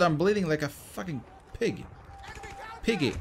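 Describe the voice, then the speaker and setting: A man giving casual let's-play commentary, excitable, swearing often and shouting callouts. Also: fairly high pitch, moderate pace, gravelly, slight background noise. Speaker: gameplay commentator.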